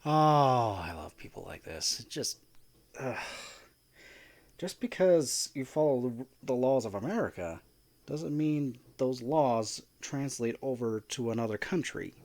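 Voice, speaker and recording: Casting note: unhurried male reactor, gravelly, exasperated. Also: mid-range voice, lively intonation, darkish tone. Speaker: reaction video host. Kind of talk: casual reaction commentary.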